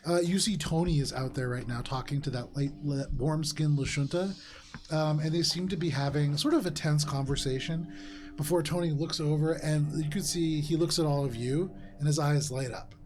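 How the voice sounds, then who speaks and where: A man's voice: on the high side, normal speed, a little mellow. A man running a tabletop game as game master, narrating casually with many fillers. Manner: casual, rambling, full of fillers.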